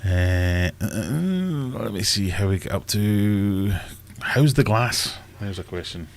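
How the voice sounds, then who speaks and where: A man's voice: on the low side, expressive, slow pace. A Scottish man hosting a casual fish-keeping live stream, rambling and joking at himself as he thinks aloud. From Scotland. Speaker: aquarium channel host.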